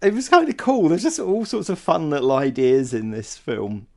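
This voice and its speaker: A man's voice: fairly high pitch, expressive, moderate pace, creaky, darkish tone. A man co-hosting a film podcast in casual chat, musing aloud, hesitant, often trailing off and restarting. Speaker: podcast co-host.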